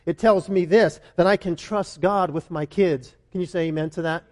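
A man preaching a sermon in an animated, conversational way, with emphatic repetition. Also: high-pitched, normal speed. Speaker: pastor.

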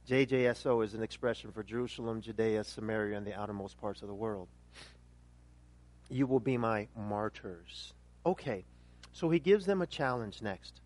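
A male pastor with a medium-pitched voice preaches with emphasis, building up to loud questions before dropping into a quiet, intense tone.

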